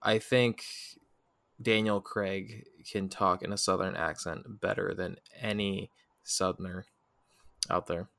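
A man co-hosting a casual movie review podcast, talking in a relaxed, halting way with many fillers. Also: deep voice, vocal fry, no room sound. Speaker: podcast co-host.

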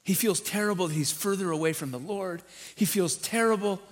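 A rabbi, male and high-voiced, gives a sermon in a church at a slightly quick pace. His teaching is animated and emphatic, with quoted voices acted out.

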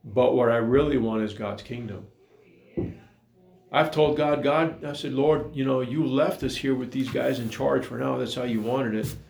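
A man's voice: medium pitch, steady tone, moderate pace, gravelly, darkish tone. A man preaching a sermon in an earnest, repetitive way, full of rhetorical questions, recorded in an echoey room.

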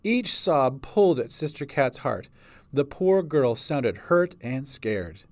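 A man's voice: mid-range voice, very animated, takes it slowly, darkish tone, dry recording. A man reading a fantasy story aloud as narrator. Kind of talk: audiobook narration.

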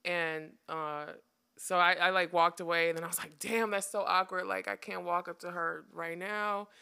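Chatty young woman, bright gravelly voice. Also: lowish voice, level tone, normal speed. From United States. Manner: chatty, laughing, wry storytelling. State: tired. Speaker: podcast host. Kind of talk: casual chat.

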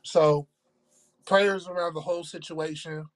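A man co-hosting a casual podcast, talking in a measured, reflective way and often checking in with "right?". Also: fairly high pitch, steady tone. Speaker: podcast co-host. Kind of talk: casual chat.

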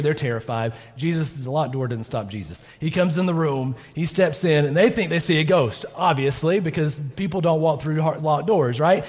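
Man, pastor, sermon, chatty storytelling, slightly high pitch, long reverb of a church hall. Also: a little mellow. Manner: conversational storytelling, acts out quotes, frequent "right?".

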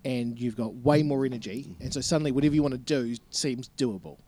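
Teasing mellow New man. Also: medium pitch, a little fast. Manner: teasing, laughs often, asks probing questions. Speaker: podcast co-host. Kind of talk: casual chat.

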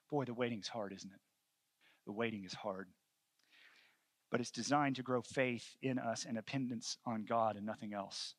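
A man in his thirties preaching a sermon, earnest, moving between hushed storytelling and fervent calls. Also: medium pitch, normal speed, long pauses, no echo. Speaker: pastor.

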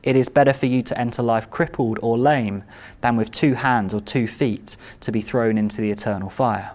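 A man's voice: mid-range voice, fairly even intonation, moderate pace, a little mellow. A man preaching a sermon in an earnest way, building to emphatic repeated calls. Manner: earnest, rising to emphatic repetition.

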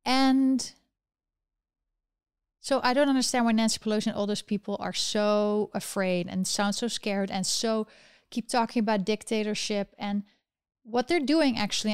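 A woman's voice: mid-range voice, moderate pace, clean tone, dry recording. A woman hosting a political commentary livestream. She talks with passion, keeps firing rhetorical questions and reads out comments from viewers. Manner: impassioned, fires rhetorical questions. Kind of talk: livestream commentary reading chat.

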